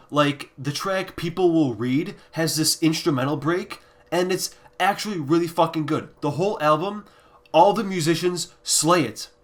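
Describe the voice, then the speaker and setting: A man reviewing albums in a casual ranking video, ranting bluntly and with heavy swearing, sometimes sinking into quiet, deflated muttering. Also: fairly high pitch. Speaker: music reviewer.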